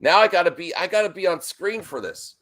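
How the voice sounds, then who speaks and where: Jittery excited man live streaming. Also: high-pitched, brisk. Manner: excited, restless, keeps interrupting himself. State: nervous and worked up. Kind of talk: live stream reaction chat.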